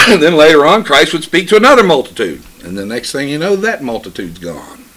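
A man preaching a sermon, reading scripture slowly and solemnly, then explaining it with emphatic swells in his voice. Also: a little high, big pitch swings, bright, forceful tone, slight background noise.

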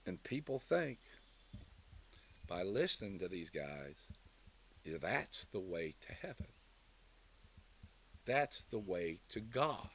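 A man preaching a sermon and closing in prayer, emphatic, building to loud declarations and dropping low again. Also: big pitch swings, slow pace, long pauses, slight background noise.

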